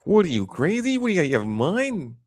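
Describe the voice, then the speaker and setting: A man putting on a hot-tempered, foul-mouthed New Jersey street guy with a New Jersey accent, shouting curses. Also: sits high, huge pitch swings, brisk, pitched above the performer's own voice, exaggerated voice. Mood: belligerent.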